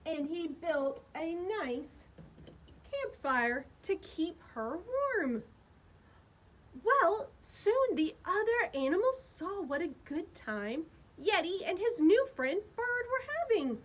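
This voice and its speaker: Woman, children's librarian, storytime reading, sing-song, high voice, swooping and lively. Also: takes it slowly.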